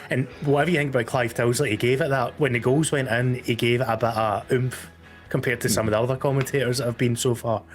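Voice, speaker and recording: Scottish man, young, host of a casual stream chat, eager and easygoing, mid-pitched. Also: fast, faint music behind. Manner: enthusiastic, relaxed, with hedging fillers.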